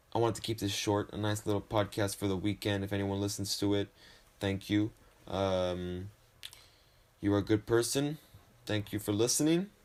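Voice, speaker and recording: A young man with a slight lisp hosting a solo podcast from his desk, rambling and swearing, often poking fun at himself. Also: on the low side. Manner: rambling, profane, self-deprecating. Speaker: podcast host. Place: home desk.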